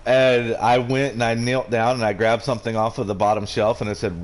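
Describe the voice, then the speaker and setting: A man's voice: medium pitch, lively intonation, normal speed. A man chatting casually on a game stream, rambling and swearing freely. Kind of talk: casual chat while gaming.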